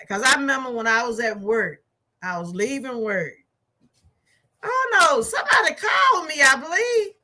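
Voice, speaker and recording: Bright-voiced chatty woman. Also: sits high. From Georgia, USA. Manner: animated, chatty storytelling with laughs and asides. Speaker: movie review vlogger. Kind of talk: casual chat.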